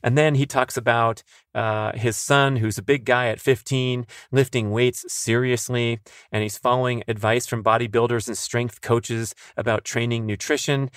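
A man's voice: mid-range voice, normal speed, clean tone, no echo. Podcast guy reading listener mail, chatty and upbeat, dry close mic. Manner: upbeat, animated asides. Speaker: podcast host.

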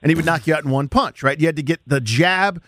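A man hosting a sports talk show, animated, his voice jumping up as he gets excited. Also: fairly high pitch, fast talker, a little hiss or hum. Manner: animated, voice jumps up when excited. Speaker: sports radio host.

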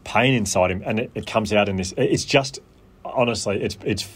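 An Australian man chatting as a podcast guest, telling stories animatedly with quick asides. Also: on the low side. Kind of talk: casual chat.

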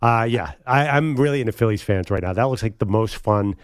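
A man's voice: lowish voice, fairly quick, smooth, no room sound, clean studio sound. A man co-hosting a casual sports chat who talks with enthusiasm. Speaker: co-host.

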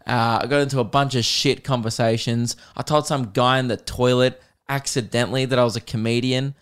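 A young Australian man tells a long pub story on his comedy podcast, loose and chatty. He keeps acting out the other people with quick put-on voices, swears casually and laughs at his own lines. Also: mid-range voice, smooth. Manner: animated, acts out quoted voices, swears freely, laughs mid-story.

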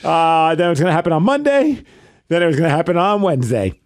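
A man co-hosting a podcast, telling a casual story in an animated way, acting out the quoted lines and poking fun at himself. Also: a little high, fast talker, dry recording. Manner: animated, acts out quoted lines, self-mocking. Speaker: podcast co-host.

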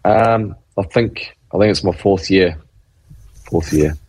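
A man's voice: deep voice, takes it slowly, darkish tone, breathy edge. A man, a rugby player guest, talking easygoing and modest with frequent ums. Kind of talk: casual interview chat.

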